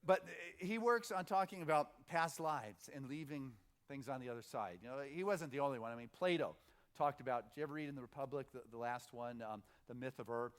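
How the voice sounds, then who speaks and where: A man's voice: mid-range voice, fairly quick. A middle-aged male minister giving an informal, conversational sermon at a spiritual center, stopping and restarting, then building momentum through repeated phrases.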